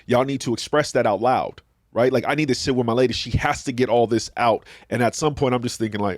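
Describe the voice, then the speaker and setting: A man's voice: mid-range voice, fast talker, few pauses, no room sound. A man, talking in a slangy, preachy way and acting out quotes. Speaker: podcast host. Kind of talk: casual talk show discussion.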